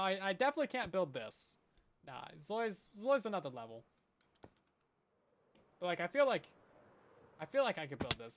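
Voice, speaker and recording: A fairly bright, slightly high male voice carries this streamer's loose, self-mocking chatter as he plays Minecraft survival on stream.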